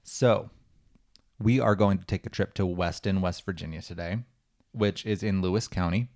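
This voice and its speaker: A man's voice: low voice, fairly even intonation, normal speed, a little mellow. A man co-hosting a podcast, telling a story in a chatty way with joking asides. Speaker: podcast co-host. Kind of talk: casual chat and storytelling.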